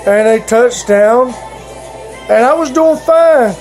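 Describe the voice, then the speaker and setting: A man's voice: very high voice, darkish tone, soft background music, rough recording. A man telling his fellow vloggers a personal story in a casual, rambling way, stopping and restarting often. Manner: halting, rambling, with frequent restarts.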